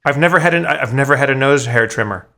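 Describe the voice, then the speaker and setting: A man co-hosting a podcast, telling stories in casual chat, profane and animated, stumbling over his restarts. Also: mid-range voice, fast. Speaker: podcast co-host.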